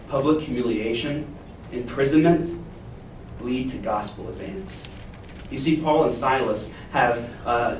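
A man preaching a sermon, retelling a Bible story and acting out its characters' panic with lively emphasis. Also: medium pitch, slight background noise. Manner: expressive, acts out the jailer's panic in a paraphrase. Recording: echoey room, heard from a distance.

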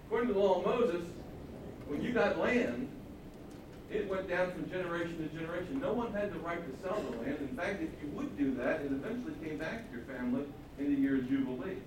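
A man preaching a sermon, his rather high voice full of animated storytelling as he acts out the quotes. He is heard from afar in a very echoey hall, with faint ambience behind. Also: a little fast, distant mic, background noise.

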